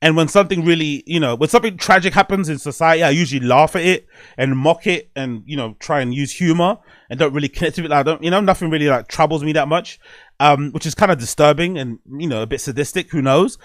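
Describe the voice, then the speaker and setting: Talking fast with a voice on the high side, a podcast host recounts a personal story, rambling, candid, and full of swearing. The casual monologue is recorded at studio quality with no room sound.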